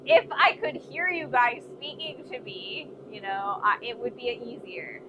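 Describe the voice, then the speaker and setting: A woman's voice: a little high, lively intonation, a little slow, background noise. A woman with a Midwestern accent chatting casually with her live-stream viewers from her forge, laughing often and poking fun at herself. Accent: American Midwest. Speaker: blacksmith streamer. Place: forge workshop.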